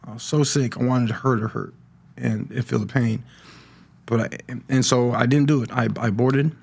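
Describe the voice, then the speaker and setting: Halting, gravelly-voiced man telling his story. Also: mid-range voice, steady tone, a little mellow. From California. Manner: halting, repeats words, restarts often. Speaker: podcast guest sharing recovery story. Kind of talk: personal testimony, casual talk.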